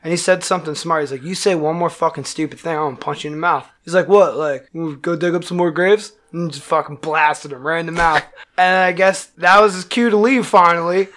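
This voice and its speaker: A man, a band musician, telling a wild story in casual, profane talk, acting out the quotes loudly. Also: on the high side, fairly quick.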